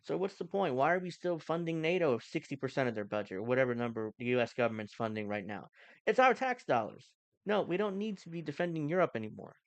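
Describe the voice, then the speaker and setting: A man's voice: a little high, animated, fast talker, few pauses, no room sound. A man hosting a casual live stream, reacting to news clips with sarcastic, mocking rants. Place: home, cooking during stream.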